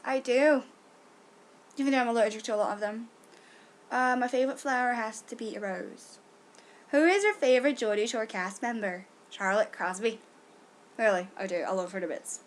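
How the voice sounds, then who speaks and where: A young woman answering fan questions in a casual, self-deprecating vlog. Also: on the high side. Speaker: vlogger.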